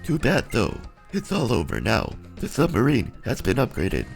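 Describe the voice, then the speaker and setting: A man voicing a cold robotic female villain admin from a video game, in a deep gravelly robot voice with slow, menacing delivery. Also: huge pitch swings, faint music behind. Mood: cold menace.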